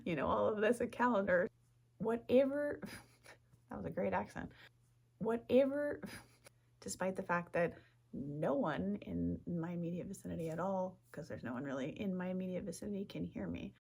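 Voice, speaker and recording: A woman's voice: fairly low pitch, moderate pace, creaky, darkish tone, slightly rough, dry recording. A woman vlogger chatting casually outdoors, rambling, giggling and tripping over her words. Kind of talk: rambling casual vlog talk.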